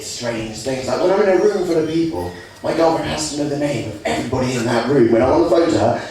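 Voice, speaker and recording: A young man from England performing a stand-up comedy routine, lively, putting on high voices for the people he quotes. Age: young adult. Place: student comedy stage. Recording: echoey room from far off with audience laughter.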